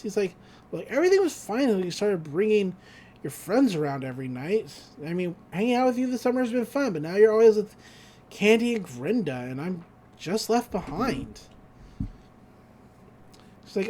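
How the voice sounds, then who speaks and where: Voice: mid-range voice, lively intonation, normal speed, a little mellow. A podcast co-host casually recapping a cartoon episode, acting out the characters' lines and laughing along the way.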